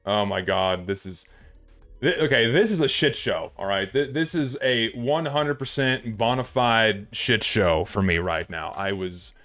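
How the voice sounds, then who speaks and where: A man's voice: on the low side, fairly bright tone. A man livestreaming, chatting to his viewers and muttering to himself as he fiddles with his settings, swearing often. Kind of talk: live stream chatter.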